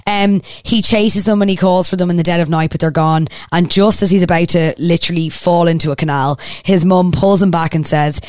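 A woman's voice: on the low side, steady tone, a little fast, hardly any pauses, no echo, clean studio sound. A woman with an Irish accent, co-hosting a podcast and retelling a TV episode in casual, chatty storytelling with the odd swear word. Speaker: podcast co-host. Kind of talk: casual chat recapping a TV episode.

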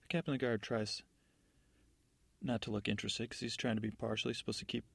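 A male podcast host tells a rambling, improvised bedtime story to help listeners drift off. He meanders in a low-key way and breaks off for asides to listeners. His voice is gravelly and husky, and the sound is close and dry. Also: steady tone, fast, no echo.

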